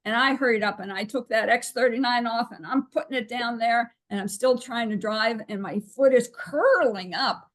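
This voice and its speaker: A woman's voice: fairly high pitch, normal speed, few pauses. A woman hosting a webinar on a video call, conversational and encouraging as she calls on participants. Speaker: webinar host.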